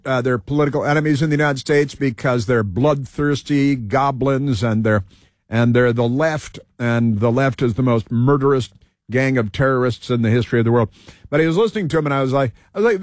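A man's voice: medium pitch, darkish tone, no echo, clean studio sound. A man hosting a talk show, delivering a rambling, heated political monologue full of fillers and restarts.

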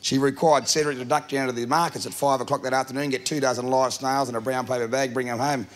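A man's voice: medium pitch, fairly even intonation, quick pace. An Australian man tells a comic yarn in a chatty way, with plenty of "uh" fillers. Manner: chatty, filler-laden storytelling with lots of "uh". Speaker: yarn teller.

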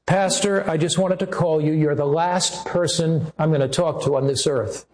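A man's voice: a little high, fairly even intonation, moderate pace, darkish tone, natural voice. A man voicing a desperate young woman caller who pleads and confesses her guilt. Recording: echoey room.

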